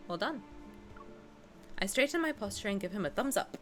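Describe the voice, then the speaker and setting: A woman's voice: medium pitch, expressive, normal speed, pauses often, fairly bright tone. Playful young woman streamer. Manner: playful, blunt, chatty with viewers. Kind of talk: reading game text aloud and chatting with viewers. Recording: game music playing behind.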